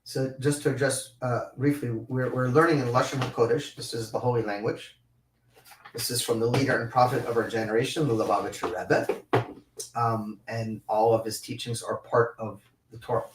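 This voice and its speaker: A man teaching a live-streamed Torah class, reading Hebrew passages and explaining them in English with lively, repeated restarts. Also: medium pitch, moderate pace, roomy sound, distant mic, noisy background. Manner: animated, with many repeated restarts.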